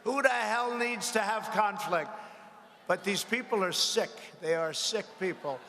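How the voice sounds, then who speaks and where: Older man, high bright voice, combative mocking rally speech, echoey arena with long reverb. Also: unhurried. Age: 70s. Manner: combative, mocking, rambling asides. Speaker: politician addressing a rally. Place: large arena.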